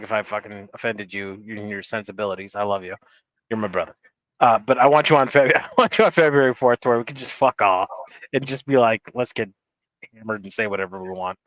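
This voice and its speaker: A man's voice: medium pitch, fairly bright tone, no echo, rough recording. A man hosting a podcast, cursing and blustering through crude casual banter with his co-hosts. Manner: profane, blustering. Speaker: podcast host.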